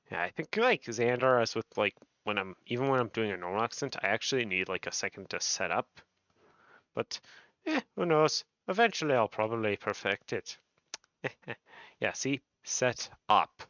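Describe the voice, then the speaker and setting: A man's voice: lowish voice, lively intonation, normal speed, pauses often, a bit bright, no room sound. Rambling male game streamer, dull dry sound. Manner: rambling, many fillers and self-corrections. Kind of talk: casual gameplay chat, reading quest text aloud.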